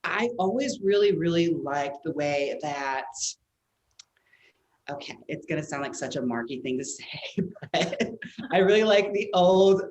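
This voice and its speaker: Wry low-voiced woman in an echoey room. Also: lively intonation, measured pace, a little mellow. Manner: wry, jokey. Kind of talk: casual chat. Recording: echoey room with faint noise.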